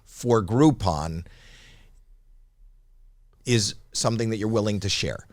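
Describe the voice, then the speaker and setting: A man's voice: on the low side, normal speed, a little mellow, dry recording. A man co-hosting a comedy chat, teasing a guest with probing questions. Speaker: co-host.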